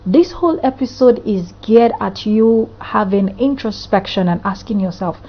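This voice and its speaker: Husky woman therapist asking probing questions. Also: medium pitch, moderate pace, few pauses, lo-fi sound. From Africa. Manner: earnest, piles up rhetorical questions. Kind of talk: podcast monologue.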